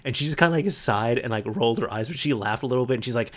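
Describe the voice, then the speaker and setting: A man hosting a casual podcast, telling stories in a chatty, animated way. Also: medium pitch, racing. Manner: chatty storyteller, animated retellings. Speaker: podcast host. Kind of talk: casual chat.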